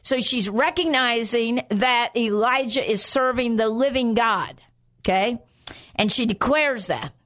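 A woman's voice: on the high side, unhurried, fairly bright tone. A woman preaching a sermon in an earnest way, often repeating phrases for emphasis.

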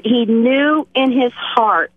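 A woman's voice: on the high side, takes it slowly. A woman co-hosting a faith talk show, speaking earnestly and with emphasis. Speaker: co-host. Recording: tinny phone line.

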